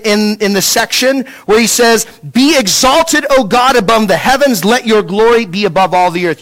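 With a high voice, this male pastor delivers a sermon full of rhetorical questions. He restarts by repeating words and sinks from loud to hushed.

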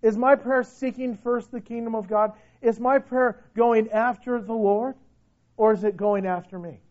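A man preaching a sermon with passion, swinging between loud declarations and hushed, pleading lines. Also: very high-pitched, lo-fi sound. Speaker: pastor.

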